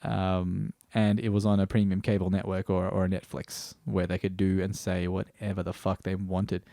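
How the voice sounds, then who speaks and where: A man's voice: deep voice, level tone, moderate pace, vocal fry, dark tone, no room sound, studio quality. A man reviewing a TV series in a rambling, stream-of-consciousness way, swearing casually and often restarting sentences. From Australia.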